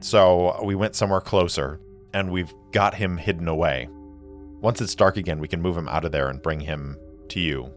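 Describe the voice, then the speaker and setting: An earnest young woman who lays out her plans in eager rushes, as a man voices her in his low register. Faint music sits beneath the voice. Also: lightly acted. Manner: earnest, explaining in quick rushes. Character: earnest young woman, niece, plotting ally.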